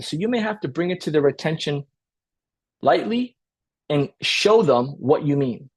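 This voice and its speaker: Man, high lively voice, husky, energetic webinar coach, keeps asking "right?". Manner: energetic, repeats points, asks "right?" often; acts out client dialogue in quick role-play. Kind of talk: live training webinar.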